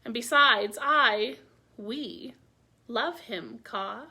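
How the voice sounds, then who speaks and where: A woman voicing a fond old male bear, a gentle teacher, speaking earnestly in a storybook reading. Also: fairly high pitch, drawn-out words, husky, exaggerated voice.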